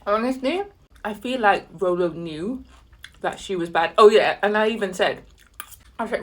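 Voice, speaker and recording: Animated woman telling a story over dinner. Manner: animated, exasperated retelling with sudden high-pitched outbursts; pauses to savor food with soft murmurs. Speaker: vlogger. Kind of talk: casual storytelling while eating.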